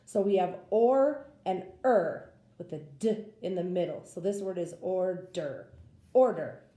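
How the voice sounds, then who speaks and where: A woman teacher walks through a phonics lesson, sounding out each word with care. Her voice is low and mellow, and her pace is unhurried. The recording has a roomy echo around it. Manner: slow, patient sounding-out of words.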